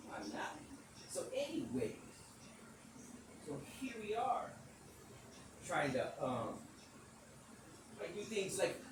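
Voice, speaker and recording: A man hosting a podcast, telling a rambling, animated story in speech, swearing casually and acting out the quotes. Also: a little high, far from the mic. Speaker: podcast host. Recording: echoey room, off-mic, background noise.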